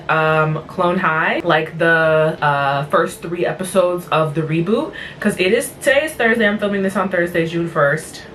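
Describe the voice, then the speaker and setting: A woman's voice: fairly low pitch, a bit bright, recorded from a distance, slight background noise, low-quality recording. Tired, exasperated woman vlogger. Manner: exasperated, blunt, chatty. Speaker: vlog host reviewing cartoon episodes. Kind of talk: casual rambling recap.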